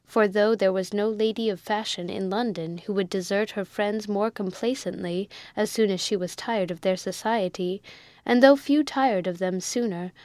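A woman reading a classic novel aloud in a measured, even way. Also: medium pitch, no room sound. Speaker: audiobook narrator. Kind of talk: scripted narration.

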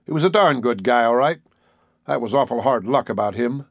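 A man voicing a young man speaking slowly and mournfully. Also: medium pitch, expressive, no room sound, clean studio sound. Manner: slow, mournful.

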